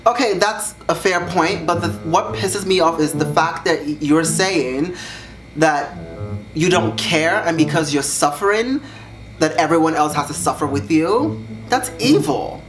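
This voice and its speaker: A young man reading viewer secrets aloud on his vlog, sassy and dramatic, jumping up high in pitch to make a point. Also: a little slow. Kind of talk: casual vlog reaction. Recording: echoey room with music behind.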